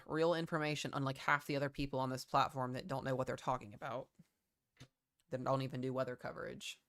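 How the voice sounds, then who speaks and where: Chatty young man streaming weather. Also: medium pitch. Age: 20s. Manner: loose and chatty, many fillers, answers chat questions. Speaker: weather livestreamer. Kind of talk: casual livestream weather commentary.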